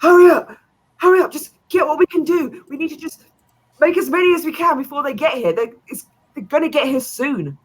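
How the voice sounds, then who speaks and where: A woman plays a panicked male merchant in a tabletop game, his voice pitched high and shrill. He shouts in hurried, frantic bursts. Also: expressive.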